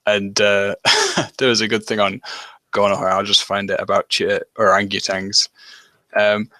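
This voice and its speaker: Bright-toned man musing in abstractions. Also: on the low side, little pitch movement, unhurried, dry recording. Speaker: hangout guest. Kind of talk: casual chat.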